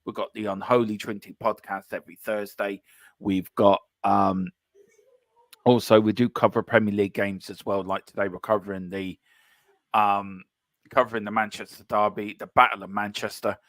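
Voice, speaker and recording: Joking man, low voice, dry sound. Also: normal speed, no echo. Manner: joking, animated, puts on silly voices. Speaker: guest from a fan channel. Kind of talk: casual live football watchalong chat.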